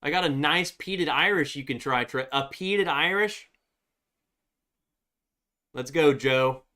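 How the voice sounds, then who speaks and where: A man's voice: on the high side, slow pace, sharp tone. A man casually chatting on a live stream, rambling with lots of fillers and restarts. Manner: rambling, filler-heavy, baby talk to his dog.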